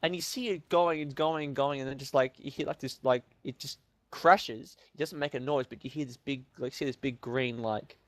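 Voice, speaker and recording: A young man telling an animated story in casual chat, swearing often and acting out what people said. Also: medium pitch, moderate pace, no room sound. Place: home room.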